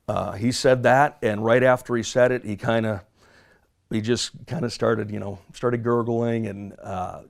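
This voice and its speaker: A man, a former police officer, telling a detailed story in an interview, halting and measured with many fillers. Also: on the low side, creaky.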